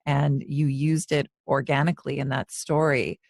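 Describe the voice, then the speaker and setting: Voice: mid-range voice, little pitch movement, moderate pace, no echo, clean studio sound. A podcast host giving affirming, reflective feedback to a guest and steering the conversation. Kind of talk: supportive interview conversation.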